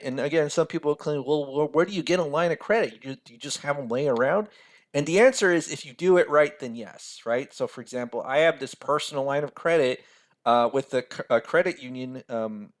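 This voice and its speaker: A man teaching a personal finance lesson over a screen share. He talks casually, keeps checking in with "right?" and laughs at himself now and then. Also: medium pitch. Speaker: financial mentor.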